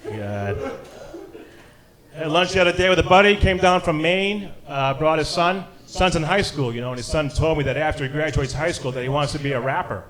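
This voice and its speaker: A man's voice: on the high side, brisk. A middle-aged man doing a stand-up set, punchy and wisecracking, with lots of "you know". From Boston area. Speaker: stand-up comedian. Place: comedy club stage with a live audience. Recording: live club recording, loud crowd. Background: audience laughter.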